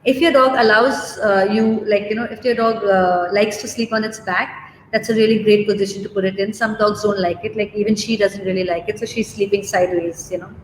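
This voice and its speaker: A woman's voice: medium pitch, fairly even intonation, fairly quick. Chatty woman groomer. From India. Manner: chatty, reassuring, many fillers and "okay?" checks. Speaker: dog groomer. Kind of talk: live demo and Q&A. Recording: roomy echo, faint background noise.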